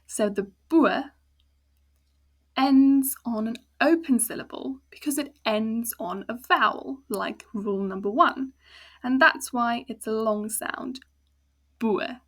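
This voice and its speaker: A woman with a South African accent teaching a language lesson, patiently breaking words into sounds and syllables. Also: a little high. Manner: patient, slow explaining with spelled-out sounds. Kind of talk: casual spoken lesson.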